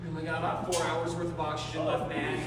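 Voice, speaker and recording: A woman performing live improv comedy with a deadpan, gloomy delivery. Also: low-pitched. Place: live theater stage. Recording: echoey hall from far off with loud noise.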